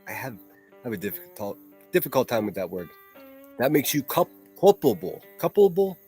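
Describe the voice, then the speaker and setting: A man's voice: fairly low pitch, expressive, a little fast, soft background music. A man hosting a solo livestream, ranting in a profane, mocking and combative way. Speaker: livestream host.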